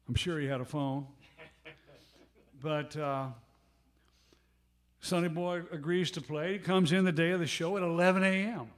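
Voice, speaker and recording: Man, bandleader, rambling stage anecdote, casual asides, slightly high voice, live club stage mic. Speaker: bandleader and harmonica player. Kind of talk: storytelling between songs at a live gig.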